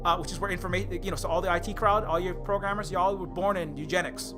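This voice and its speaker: A man's voice: sits high, fairly even intonation, fast, music in the background. A man on a live stream, ranting heatedly and sarcastically, stumbling over restarts and mocking people as he goes. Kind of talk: rambling political rant on a live stream.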